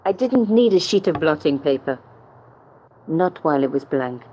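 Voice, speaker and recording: A wry young game narrator. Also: female voice, sits low, expressive, normal speed, mellow, slight background noise, rough recording. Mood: dry. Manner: dry, sardonic.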